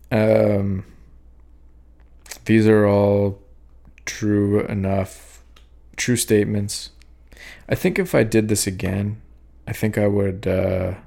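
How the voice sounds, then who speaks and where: A young man with a daughter, hosting a podcast and talking over his own poems in a halting, reflective way, with many fillers and restarts. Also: fairly low pitch, gravelly, mellow. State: sleepy, yawning. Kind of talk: rambling reflective talk.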